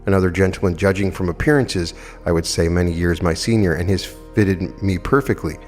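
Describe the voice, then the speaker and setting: A man in his fifties with a very low voice delivers a spiritual lecture, earnest and emphatic, leaning on stories and rhetorical questions. The archival recording carries a long hall reverb, with faint music underneath. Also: a little fast, a little mellow. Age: 50s. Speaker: metaphysical lecturer.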